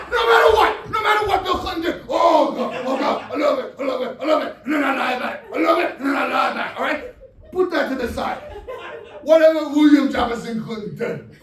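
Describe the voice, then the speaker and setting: A man playing an aging filmmaker as talk show host, ranting in live improv comedy, shouting and laughing through his lines. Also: extremely high pitch, background noise. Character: aging male filmmaker, over-the-top, wistful and indignant. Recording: echoey live room from far off with crowd ambience.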